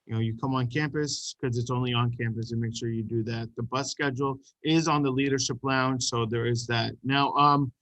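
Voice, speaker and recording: A man from the school staff gives announcements on a video call, halting often with ums and uhs. His voice has a middle pitch and sounds dry and close, with no room around it. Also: fairly even intonation, a bit bright, dry recording, low-quality recording. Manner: hesitant, full of ums and uhs.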